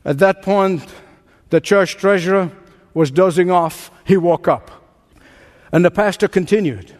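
A man's voice: high voice, measured pace, long pauses, big-room sound. A man preaching a sermon, earnest, with a storytelling aside. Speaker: pastor.

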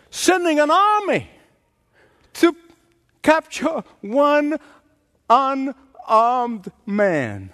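Middle-aged guy preaching, high lively voice jumping all over, big echoey church hall. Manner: animated preaching, acts out scenes with big pitch leaps. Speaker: pastor. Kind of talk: sermon. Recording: long hall reverb.

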